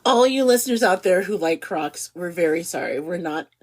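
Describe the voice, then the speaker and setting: A middle-aged woman co-hosting a podcast in casual chat, animated and giggly, stretching words for emphasis. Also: fairly low pitch, normal speed. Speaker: podcast co-host.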